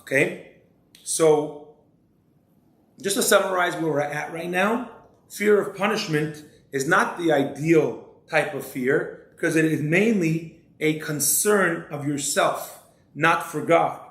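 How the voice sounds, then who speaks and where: Brief: male rabbi teaching, measured, slightly raised pitch, echoey room. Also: fairly bright tone. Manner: measured, asks rhetorical questions. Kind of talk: religious lecture. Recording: roomy echo.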